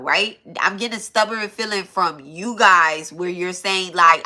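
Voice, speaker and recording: A woman's voice: lowish voice, measured pace, hardly any pauses, sharp tone. A woman giving a loose, casual spiritual reading to her viewers, swearing freely and restarting her sentences as she thinks aloud. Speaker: tarot reader.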